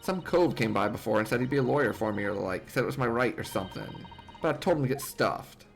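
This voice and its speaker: A man's voice: medium pitch, expressive, quick pace, vocal fry, faint music behind, voice pushed down. A man voicing a distrustful young girl thief with a put-on Cockney accent, defiant and slangy. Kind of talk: reading game dialogue aloud.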